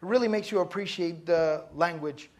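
A man's voice: fairly high pitch, normal speed. A man teaching a class on Arabic terms, asking students questions and explaining each word step by step. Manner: quizzes the class and answers himself. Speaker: Islamic studies teacher. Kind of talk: classroom lecture.

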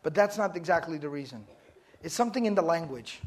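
A man's voice: on the high side, animated, quick pace. A man teaching a class on Arabic terms, asking students questions and explaining each word step by step. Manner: quizzes the class and answers himself. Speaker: Islamic studies teacher. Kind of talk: classroom lecture.

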